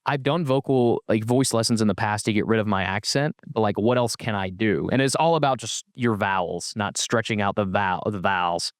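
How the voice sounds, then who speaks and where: A man from Mississippi with a light Southern drawl, co-hosting a casual podcast, talking quickly with lots of restarts and a broadcaster's inflection. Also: lowish voice, no echo, clean studio sound. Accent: soft Southern US drawl, toned down. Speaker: podcast co-host and TV sports broadcaster.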